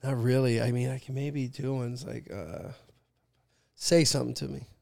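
Laid-back gravelly comedian man. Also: mid-range voice, steady tone, normal speed, mellow, no echo, clean studio sound. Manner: laid-back, rambling, lots of fillers. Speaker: comedian guest. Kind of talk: casual podcast chat.

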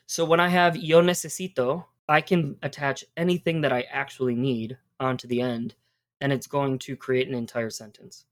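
A woman's voice: rumbling low, steady tone, normal speed. A woman hosting a podcast, teaching Spanish verb endings in a casual, encouraging way and spelling out words.

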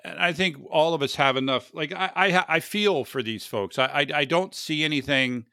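A man's voice: on the high side, normal speed, bright, forceful tone, smooth, dry recording, clean studio sound. An American man hosting a casual tech chat, rambling, joking at himself and repeating words as he goes. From United States. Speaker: podcast host.

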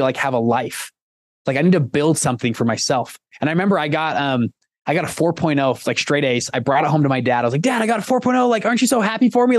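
A man's voice: medium pitch, no room sound. A young man chatting as a podcast guest, telling stories in a loose, rambling way full of restarts and fillers. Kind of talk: casual podcast conversation.

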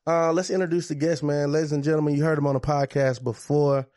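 A man's voice: a little high, fairly even intonation, fast, darkish tone, no echo, studio quality. A man hosting a podcast in a hyped, joking, slangy manner. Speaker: podcast host. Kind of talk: casual podcast chat.

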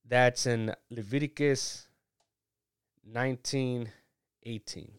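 A man's voice: mid-range voice, takes it slowly, long pauses, clear, resonant tone, no room sound, clean studio sound. A man giving a casual, chatty sermon, reading scripture and laughing at his own asides. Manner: relaxed, chatty, laughs at himself. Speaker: preacher.

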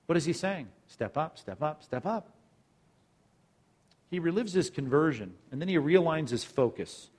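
A man delivering a sermon as a pastor, with a voice pitched a little above most men. He presses his points through repetition and asks the congregation question after question. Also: expressive, moderate pace, a little mellow, slightly rough. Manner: preaching with emphatic repetition and rhetorical questions.

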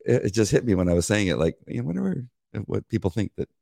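A man's voice: lowish voice, very animated, fast talker, gravelly, warm tone. A middle-aged man hosting a devotional podcast in a playful, rambling casual chat, laughing easily. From United States. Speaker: podcast host.

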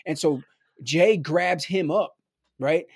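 A man's voice: a little high, slow pace, gravelly, slightly rough, no echo, clean studio sound. A man from Milwaukee telling a story in a loose, rambling way, filling his talk with "like" and "right?". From Milwaukee, USA. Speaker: podcast guest. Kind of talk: casual storytelling.

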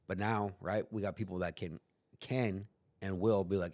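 A man's voice: deep voice, steady tone, normal speed, a little mellow, no echo. A man guest on a podcast, telling a story in casual chat, swearing freely and acting out what other people said. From United States. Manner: profane, acts out other people's lines in quotes.

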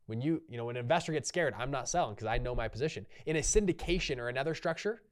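A man's voice: medium pitch, lively intonation, racing, hardly any pauses. A man hosting a solo podcast, talking casually and rambling off on tangents with lots of restarts and fillers. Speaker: podcast host.

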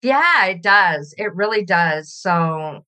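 A woman's voice: lowish voice, expressive, slow. A middle-aged woman from Canada, a podcast guest speaking reflectively in a conversational interview. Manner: reflective and warm, laughs while telling stories.

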